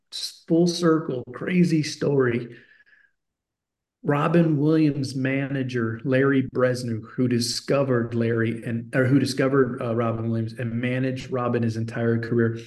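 A man's voice: mid-range voice, a little slow. A man in his forties, a guest telling a long anecdote in conversation and acting out both sides of the dialogue. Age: 40s. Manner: animated anecdote teller, acts out dialogue. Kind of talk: conversational storytelling.

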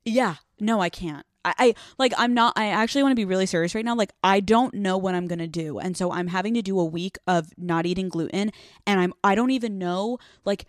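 Woman in her thirties, solo podcast host, casual and profane, self-deprecating, mid-pitched, dry close mic. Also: brisk, dry recording. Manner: candid, profane and self-mocking, with lots of fillers.

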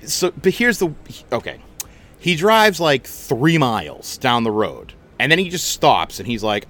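A man hosting a podcast, telling a story in a casual, animated, chatty way and swearing freely. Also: medium pitch, a little slow. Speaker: podcast host.

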